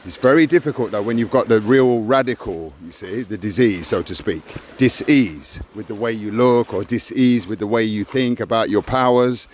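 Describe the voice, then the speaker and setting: A man's voice: fairly low pitch, normal speed, few pauses, slight background noise. An older man talking earnestly in a raw personal conversation, stressing points with "you see". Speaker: podcast co-host.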